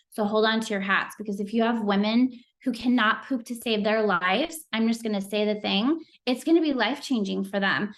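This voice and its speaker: A middle-aged woman giving a motivational talk on a team call, earnest and chatty, with plenty of "like" and "um" fillers. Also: medium pitch. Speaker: team leader speaking on a sales call.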